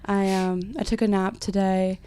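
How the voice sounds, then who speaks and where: Sick, raspy-voiced young woman chatting. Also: mid-range voice, level tone, normal speed, warm tone. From California. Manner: chatty storytelling, lots of "like". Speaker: podcast host. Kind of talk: casual chat.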